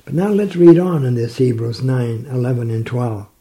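A man explaining a Bible passage in conversation, reading verses slowly and reflecting on them. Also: mid-range voice, animated, warm tone, rough recording. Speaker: Bible teacher. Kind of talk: scripture commentary in conversation.

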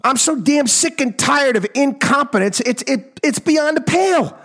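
A man hosting a talk program, ranting in an exasperated monologue that swings from loud outbursts to low mutters, in his fifties. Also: animated, normal speed. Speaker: radio talk show host. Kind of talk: opinionated monologue.

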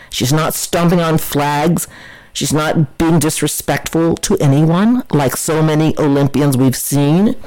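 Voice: medium pitch, a little mellow, poor audio. A political commentator giving an opinionated solo commentary, emphatic and scornful, often repeating words and restarting sentences.

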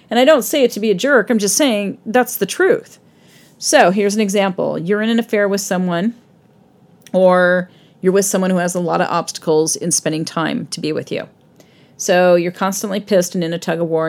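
A middle-aged woman hosting her own podcast, talking bluntly and casually, swearing freely and laughing at herself. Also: lowish voice. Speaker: podcast host. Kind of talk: solo podcast monologue.

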